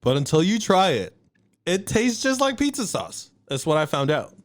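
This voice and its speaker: A man's voice: fairly high pitch, very animated, normal speed. A man with a Texan accent, co-hosting a casual podcast and ranting bluntly, with joking profanity. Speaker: podcast co-host. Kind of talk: casual chat.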